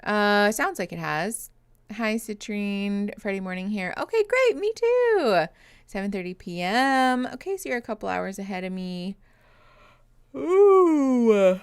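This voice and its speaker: Chatty woman streamer, smooth dry voice. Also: medium pitch, sing-song, measured pace, no echo. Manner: chatty, laughs often, greets viewers by name. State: tired and yawning. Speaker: therapist streaming reactions. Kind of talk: casual livestream chat reading comments.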